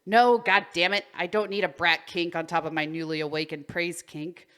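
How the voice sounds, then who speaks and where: A woman's voice: lowish voice, fairly even intonation, moderate pace, a bit bright, clean tone, lightly acted. A woman doing a cocky masked young man. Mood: exasperated.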